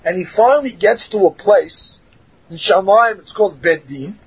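A man with a high, very husky voice teaches a religious class as a storyteller, jumping into voices and shouting lines for effect. The recording is muffled and lo-fi. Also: moderate pace. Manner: animated, acts out voices and shouts for emphasis.

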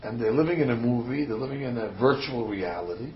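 Speaking quickly in an expressive mid-range voice, a man, a rabbi, gives a sermon that weaves in a story. He is emphatic and full of rhetorical questions, occasionally stumbling on fillers. Faint ambience and slight background noise color the dull lo-fi recording.

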